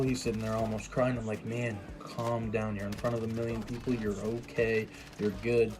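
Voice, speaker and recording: A man's voice: fairly low pitch, level tone, moderate pace, music in the background. A young man telling a personal story in a casual, rambling way, full of asides and restarts.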